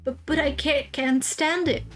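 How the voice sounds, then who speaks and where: A woman's voice: high voice, steady tone, measured pace, a bit bright, faint music behind, pitched above the performer's own voice. A woman voicing a huge, tearful male half-giant who stammers through sobs. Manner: stammering, sobbing.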